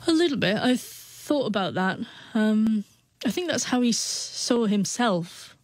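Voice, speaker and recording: A woman shares a personal story as an interview guest, stuttering frequently with repeated sounds and restarted words. Her voice is a little high with lively intonation and a measured pace, and there's no room sound.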